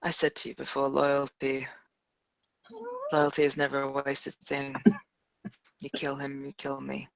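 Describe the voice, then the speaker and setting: Guy voicing a steadfast young woman, firm and defiant, gravelly bright voice. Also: medium pitch, monotone, measured pace, pauses often, no echo, low-quality recording.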